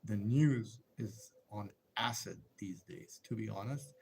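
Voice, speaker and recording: A man's voice: lowish voice, unhurried, gravelly, a little mellow, slight background noise. Rambling man chatting on a live stream. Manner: rambling, emphatic, full of rhetorical questions; reads out and answers viewer comments. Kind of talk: casual live-stream chat.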